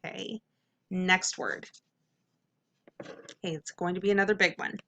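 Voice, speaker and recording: A young adult woman teacher giving an upbeat phonics lesson, clearly sounding out letters and syllables. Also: mid-range voice, slow pace, long pauses, fairly bright tone.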